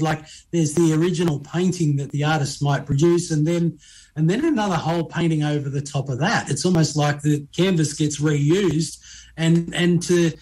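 A man's voice: fairly high pitch, darkish tone, low-quality recording. A man, a pastor hosting a conversational faith interview, earnest and probing with frequent restarts. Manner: earnest, restarts often, asks probing questions. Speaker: pastor and podcast host.

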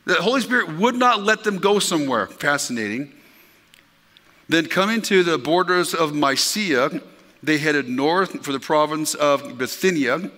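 A man's voice: fairly high pitch, expressive, unhurried, pushed and bright, long reverb tail. A male pastor preaching a sermon in an emphatic, conversational way, talking directly to his congregation. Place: church sanctuary.

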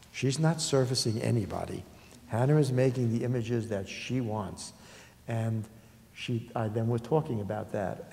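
An older man with a New York accent, an art dealer telling anecdotes in a halting, conversational way with many pauses. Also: mid-range voice, creaky, dark tone. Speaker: art dealer in public talk. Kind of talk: conversational storytelling talk. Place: lecture hall. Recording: reverberant hall.

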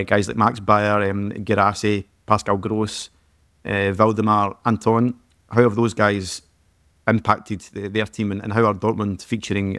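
A man co-hosting a football podcast, speaking casually and haltingly with frequent fillers and repeated words, close to the mic. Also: on the low side, fairly bright tone, dry recording. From Scotland. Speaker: podcast co-host. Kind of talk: casual football analysis chat.

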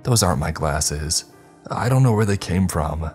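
A man's voice: deep voice, lively intonation, moderate pace, darkish tone, soft background music. A man voicing a frightened young man who is losing his grip, panicked and pleading, breaking into screams, in a horror story. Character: frightened, unraveling young man haunted by a presence.

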